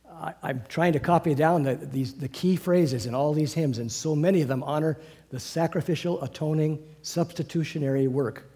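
A man's voice: a little high, warm tone, husky. A man preaching a sermon in a church, earnest and rambling, with restarts, often building to fervent emphasis. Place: church sanctuary.

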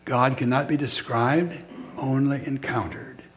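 A man preaching a sermon in a measured, reflective way, pausing between short phrases. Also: medium pitch, steady tone.

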